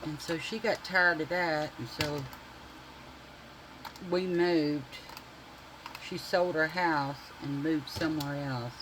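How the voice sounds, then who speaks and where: A man telling a profane, animated childhood story to his viewers while doing makeup. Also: on the high side, slow, pauses often, noisy background. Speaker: beauty vlogger.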